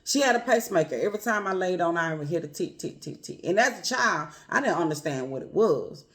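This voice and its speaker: A woman speaking earnestly and personally to her viewers, calling them y'all and family, with a quiet, emotional edge. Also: on the low side, expressive, fast. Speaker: vlogger. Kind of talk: heartfelt personal talk to camera.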